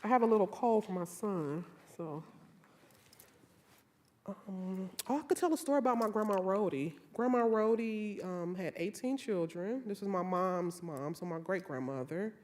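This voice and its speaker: A woman author from Chicago, reading her poetry in a slow, rhythmic way and telling stories with a playful laugh. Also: mid-range voice, lively intonation, darkish tone. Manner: slow rhythmic poetic delivery.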